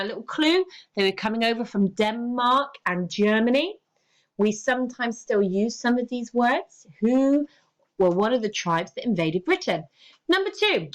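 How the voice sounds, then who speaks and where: A woman teacher, giving a recorded lesson and explaining things step by step in an encouraging way. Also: mid-range voice.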